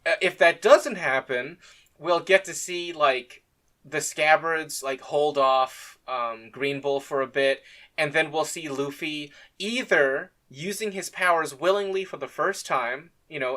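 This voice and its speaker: Bright-voiced laid-back man. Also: fairly high pitch, animated, unhurried. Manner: laid-back, laughs often, swears casually. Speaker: podcast co-host. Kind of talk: casual chat reviewing a comic chapter.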